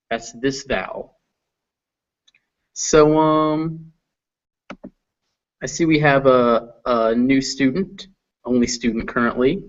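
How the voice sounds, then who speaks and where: A man speaking slowly and carefully, pausing over each sound as he teaches. His voice sits at an ordinary middle pitch. The recording is dull and lo-fi. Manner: slow, patient explaining, sounding out vowels. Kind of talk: phonetics lesson.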